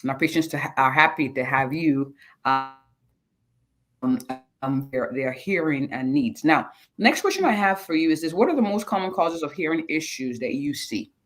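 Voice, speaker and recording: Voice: medium pitch, animated, normal speed, a bit bright. A physician hosting a live online interview show, enthusiastic and prone to repeating words.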